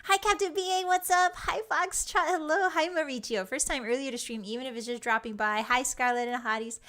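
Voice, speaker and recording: Bright, bubbly young woman streamer. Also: high voice, fairly quick. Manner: playful, teasing, bubbly greetings. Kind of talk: casual stream chat.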